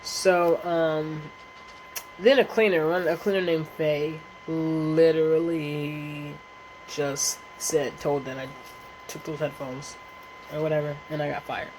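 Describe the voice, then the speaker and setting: Animated, slangy woman telling a story. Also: low voice, measured pace, a little hiss or hum, low-quality recording. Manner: animated, profane, laughs often; slangy, rambling with fillers. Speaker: vlogger. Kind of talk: casual storytime.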